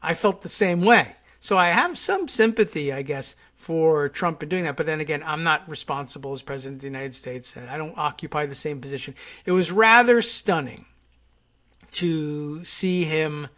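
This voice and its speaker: A man's voice: a little high, expressive, moderate pace, bright, forceful tone. A man hosting a political talk podcast, rambling and wry, with many fillers and restarts. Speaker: podcast host. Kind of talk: casual political commentary.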